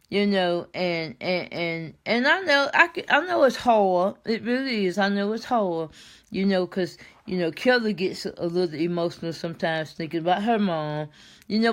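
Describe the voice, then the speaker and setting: An older woman, chatting warmly on a live stream and greeting viewers by name. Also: on the high side. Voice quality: warm, folksy. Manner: chats with viewers by name, repeats herself, laughs easily. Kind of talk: casual live chat with viewers.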